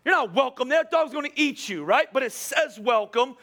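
A man's voice: extremely high pitch, expressive, moderate pace, bright, forceful tone. A middle-aged man preaching a conversational sermon, asking the congregation rhetorical questions as he goes. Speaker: pastor.

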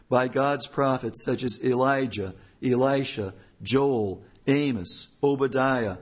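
A man's voice: medium pitch, slow pace, hardly any pauses, breathy edge. A man, a church elder, preaching an earnest sermon with emphatic repetition.

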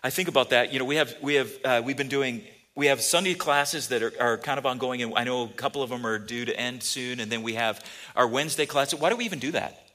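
Bright-voiced male pastor preaching. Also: mid-range voice. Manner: conversational, halting, repeats words, swings between soft and emphatic. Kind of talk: sermon. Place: church.

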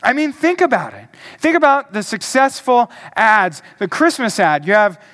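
A male pastor preaching a sermon, emphatic and deliberate, asking the congregation questions. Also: high-pitched, sing-song, a bit bright.

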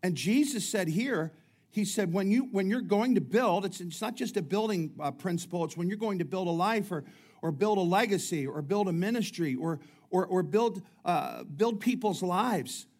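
A man's voice: high-pitched, animated, normal speed, a little mellow. A middle-aged man preaching a sermon, talking in a chatty way with jokes and many restarts. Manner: conversational preaching with humorous asides and frequent restarts. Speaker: pastor.

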